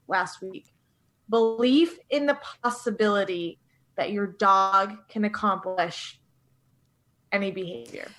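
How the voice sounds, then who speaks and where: Animated woman telling a story as a guest. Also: mid-range voice, measured pace. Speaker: dog trainer guest. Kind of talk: casual conversational interview.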